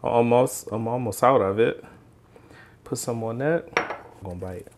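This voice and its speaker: A man's voice: medium pitch, a little slow, noisy background. A man hosting a casual home cooking vlog and tasting food in his kitchen, talking eagerly and directly to his viewers. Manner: chatty, enthusiastic, talks straight to viewers. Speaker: cooking channel host. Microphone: handheld microphone.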